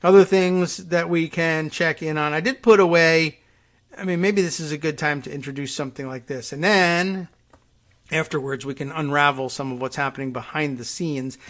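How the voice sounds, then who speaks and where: A man's voice: on the high side, fairly even intonation, normal speed, a bit bright. A male host delivering a rambling, sarcastic monologue on a talk show, with plenty of hesitations and asides.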